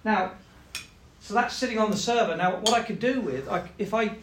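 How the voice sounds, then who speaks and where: A man's voice: high-pitched, moderate pace, echoey room, background noise. A man teaching a classroom lesson, explaining step by step, often checking in with "right?" and acting out what machines say. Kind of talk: classroom lecture.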